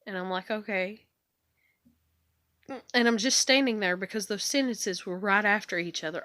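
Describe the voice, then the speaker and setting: A woman's voice: mid-range voice, normal speed, sharp tone, no room sound, clean studio sound. A young woman vlogging into her phone, venting in a frustrated, swearing, repetitive rant about home life.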